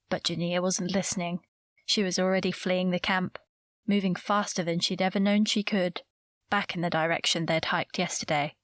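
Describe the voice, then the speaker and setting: A woman narrating a romantic suspense audiobook in a measured, even storytelling manner, recorded close to the mic. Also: lowish voice, dry recording. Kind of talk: scripted narration.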